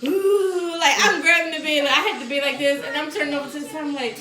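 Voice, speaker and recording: Woman, high voice, animated, echoey room. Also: very fast. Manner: animated, laughs often, acts out quotes. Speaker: host. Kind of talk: casual storytelling chat.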